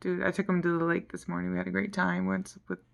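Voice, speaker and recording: Gravelly-voiced woman venting on her vlog. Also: fairly low pitch, completely flat delivery, fast, highs cut off. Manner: frank, frustrated, rambling, drops to near-whisper at times. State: tired. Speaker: vlogger.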